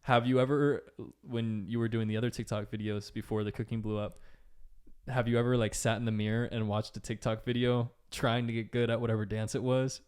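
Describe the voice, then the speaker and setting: A man's voice: medium pitch, level tone, brisk, a little mellow, clear, resonant tone. A man hosting a podcast in casual chat, teasing his guest with slangy jokes. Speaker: podcast host.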